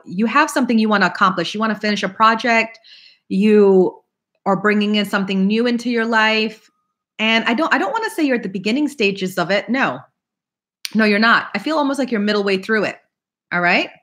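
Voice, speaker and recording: A woman's voice: medium pitch, a bit bright. A woman hosting a live tarot reading, chatting casually and laughing often while she greets viewers by name.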